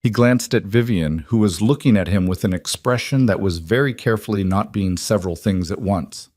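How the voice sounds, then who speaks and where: Low-voiced man narrating a story. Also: fairly quick, hardly any pauses, a little mellow, no room sound, clean studio sound. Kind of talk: scripted narration.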